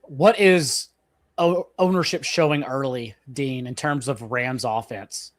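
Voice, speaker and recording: A man's voice: medium pitch, takes it slowly. A man in a casual sports chat giving enthusiastic opinions and repeating words as he starts sentences. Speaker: sports analyst guest.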